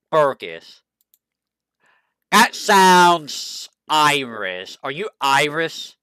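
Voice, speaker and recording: This is a streamer in casual chat who thinks out loud, asks itself questions and stumbles through the bios it reads. The voice is bright and swings widely in pitch. It takes its time, and the dry, close sound has no room echo. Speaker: VTuber streamer. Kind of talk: casual stream chat, browsing game characters.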